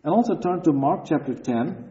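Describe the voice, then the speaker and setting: A man's voice: a little high, animated, moderate pace, mellow. A man preaching a sermon in an earnest, emphatic way, reading scripture aloud. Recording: echoey hall, dull lo-fi sound.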